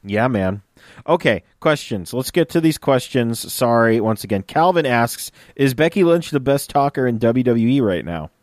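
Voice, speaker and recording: A man's voice: mid-range voice, animated, moderate pace, no echo. Easygoing young man, dry close sound. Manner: easygoing, reads listener questions aloud. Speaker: podcast co-host. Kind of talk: casual chat.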